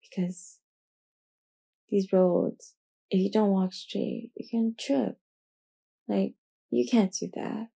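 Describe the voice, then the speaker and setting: A woman's voice: medium pitch, steady tone, slow, vocal fry, pauses often, warm tone, breathy edge, full character voice. A woman doing a nagging blue square person. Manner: nagging, preachy. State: half asleep.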